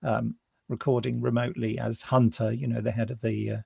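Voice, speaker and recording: An older man, an audio drama producer and actor, chatting in a relaxed way on a video call and laughing often. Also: medium pitch, fairly quick, creaky, breathy edge, no echo, clean studio sound. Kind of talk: casual interview over video call.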